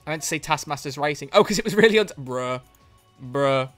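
Bright-voiced streamer, swearing freely. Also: mid-range voice, a little fast, soft background music. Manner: excitable, swears freely, bursts into loud laughter. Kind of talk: live-stream commentary.

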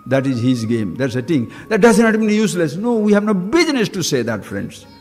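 A man's voice: on the high side, huge pitch swings, a little fast, a little mellow. A man with an Indian English accent, giving a spiritual talk full of rhetorical questions and acted-out dialogue. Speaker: spiritual teacher. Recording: long hall reverb, faint music.

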